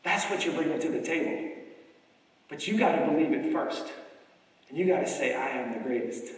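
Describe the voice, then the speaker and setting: A man's voice: a little high, moderate pace. A middle-aged man from New York City giving a rousing motivational stage speech, coaxing the crowd with repeated calls. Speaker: motivational speaker. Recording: echoey hall from far off, faint music.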